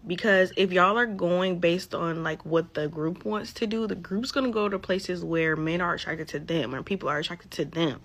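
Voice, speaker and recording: A woman's voice: on the low side, normal speed, hardly any pauses, a bit bright, a little hiss or hum. A woman giving blunt advice to the camera in a casual, opinionated way. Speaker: commentator.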